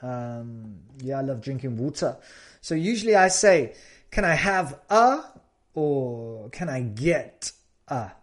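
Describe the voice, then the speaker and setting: A man hosting a casual chat, teaching everyday English phrases and switching between Spanish and English, relaxed with frequent fillers. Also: medium pitch, slow pace. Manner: relaxed, many fillers, demonstrates example phrases.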